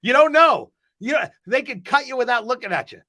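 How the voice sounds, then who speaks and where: A man hosting his own show in casual live-stream chat, emphatic and animated, often repeating words as he talks, originally from the US East Coast. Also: extremely high pitch, a little fast. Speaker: host.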